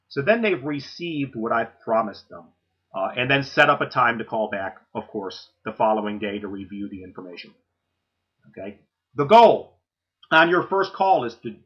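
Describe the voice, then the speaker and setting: A man giving a recorded sales training talk, coaching in a direct way and checking in with listeners with a quick "okay?". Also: mid-range voice, breathy edge. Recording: muffled lo-fi recording.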